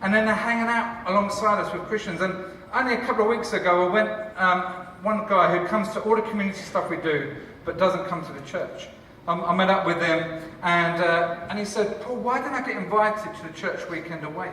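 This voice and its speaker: A man, a church leader and cafe founder, giving a lively conference talk with jokes for the audience. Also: high-pitched, a little fast, few pauses, slight background noise. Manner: enthusiastic, joking, chatty with the audience. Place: large conference hall. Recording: echoey hall from far off.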